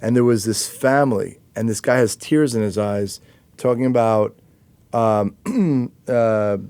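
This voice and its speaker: Mellow-voiced male podcast host. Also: medium pitch, measured pace, clean tone, dry recording. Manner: reflective, with frequent fillers and restarts. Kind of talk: conversational interview.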